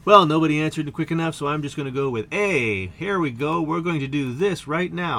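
A man's voice: a little high, brisk, hardly any pauses, pushed and bright, a little hiss or hum. A man streaming to a chat, telling an improvised, silly story in a meandering, joking way with many asides. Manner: meandering, self-interrupting, joking.

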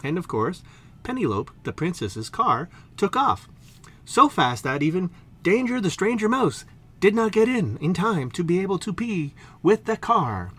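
A man's voice: sits high, very animated, unhurried, fairly bright tone, husky. A man improvising a comedic story, rambling with lots of slang and fillers.

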